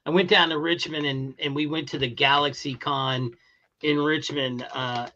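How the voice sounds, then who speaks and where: A man's voice: fairly high pitch, fairly even intonation, moderate pace, sharp tone, slight background noise. A man chatting casually on a panel, often chiming in with brief agreement. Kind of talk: casual chat. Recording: dull lo-fi audio.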